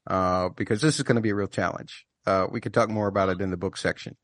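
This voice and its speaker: Male podcast co-host, lower voice, casual and wry, filler-heavy, dry sound. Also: fairly even intonation, fast talker, dry recording. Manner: chatty, many fillers, wry.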